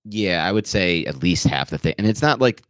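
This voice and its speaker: A very low-pitched man from northern New Jersey talks fantasy football picks with firm, confident opinions. The sound is close and dry, with no room around it. It is relaxed podcast banter. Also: normal speed, no echo. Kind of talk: casual podcast chat.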